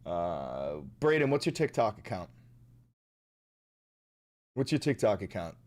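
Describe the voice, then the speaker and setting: A man's voice: on the low side, sing-song, a little slow, darkish tone. A man hosting a livestream, chatting loosely and profanely while reading viewer messages aloud. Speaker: livestream host. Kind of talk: casual stream chat.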